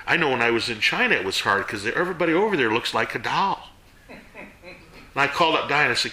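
A man giving a casual sermon to a small group, folksy and animated, jumping between loud and hushed. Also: mid-range voice, fast talker, roomy sound. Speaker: Bible teacher.

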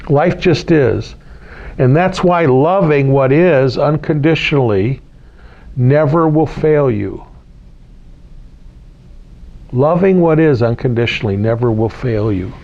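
In a slightly dull lo-fi recording, an American spiritual teacher speaks casually to a small group. His mid-range voice is a little mellow and measured in pace, and he repeats key phrases while asking his listeners questions.

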